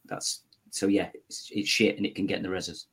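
A man co-hosting a football fan podcast, ranting bluntly and swearing. His voice is low and husky. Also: level tone, moderate pace, fairly bright tone. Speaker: podcast co-host. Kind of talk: casual football chat.

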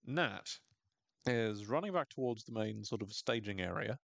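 A man hosting a podcast, recapping a TV episode in casual, animated talk, swearing and laughing often. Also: fairly low pitch, moderate pace, vocal fry, no echo. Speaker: podcast host.

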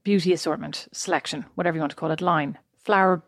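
A young woman co-hosting a casual chat, telling rambling, animated stories. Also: low voice, quick pace, vocal fry, no room sound, clean studio sound. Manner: chatty storytelling, animated and rambling.

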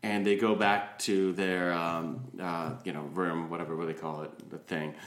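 Podcast host, male, fairly low voice, laughs through anecdotes, roomy sound. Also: normal speed. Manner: animated storyteller, laughs often. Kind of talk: casual podcast chat.

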